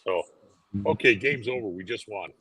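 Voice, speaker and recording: A man's voice: lowish voice, normal speed, very noisy. An older man, a retired detective, chatting as a guest in a casual interview, easygoing and dryly funny, wandering a little as he recalls things.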